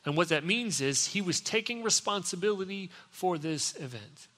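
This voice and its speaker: A pastor giving a sermon, telling the story in a conversational way and acting out what people said. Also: male voice, sits high, expressive, normal speed, sharp tone. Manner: storytelling, conversational, acts out quotes. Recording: echoey hall.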